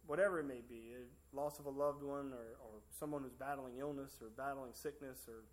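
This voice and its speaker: A man's voice: medium pitch, fairly even intonation, brisk. A man giving a sermon in a church service, in a casual, conversational way full of fillers and restarts. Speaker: preacher.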